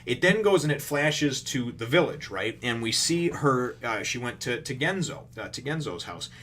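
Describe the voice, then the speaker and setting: An animated man with a mid-range, fairly bright voice reviews manga, rambling through a casual chapter recap. Fillers and the occasional curse word pepper his retelling, and he acts out characters' lines in quick paraphrase.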